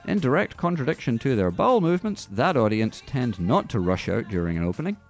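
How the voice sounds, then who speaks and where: A man's voice: medium pitch, sing-song, brisk, faint music behind. An Australian man co-hosting a casual film podcast, reading news items with wry asides. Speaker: podcast co-host.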